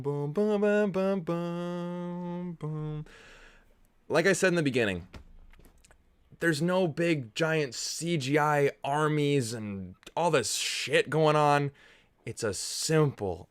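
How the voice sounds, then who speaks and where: A man giving casual watch-along movie commentary, muttering laid-back reactions with bursts of excitement and casual swearing. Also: medium pitch, dry recording.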